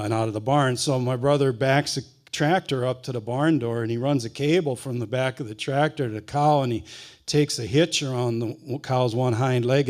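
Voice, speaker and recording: A man from rural Wisconsin, telling a funny family story on a festival stage in a folksy, unhurried way that drops to a hush in tender moments. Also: mid-range voice. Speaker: humorist author and speaker. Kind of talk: humorous live storytelling. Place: stage at a book festival kickoff.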